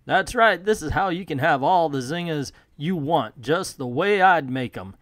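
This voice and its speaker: A man's voice: on the high side, animated, normal speed, fairly bright tone, no room sound, clean studio sound. A man voicing a folksy old Southern chicken colonel with a put-on Southern US accent, in a salesman's manner.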